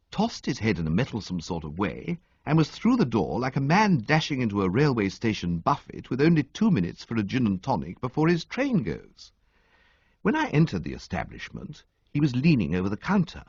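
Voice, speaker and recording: A man narrating a comic audiobook with an expressive, sweeping storytelling delivery, on a dull, dry recording. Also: fairly low pitch, breathy edge, dry recording.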